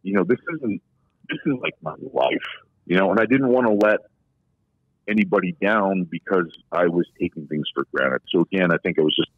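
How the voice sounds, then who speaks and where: A man in his forties with a low voice spins long, candid stories in an easygoing way. He sounds like he is on a remote call, with a thin phone-line tone. The sound is dry, with no room around him. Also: a little fast, dry recording. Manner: long-winded, candid storyteller. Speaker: podcast guest, former pro hockey player. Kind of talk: casual anecdotal storytelling.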